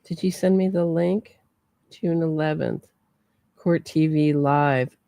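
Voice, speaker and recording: A woman's voice: low-pitched, fairly even intonation, takes it slowly, vocal fry, mellow, dry recording. A woman hosting a true crime livestream, chatting casually and answering her viewers. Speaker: true crime podcast host.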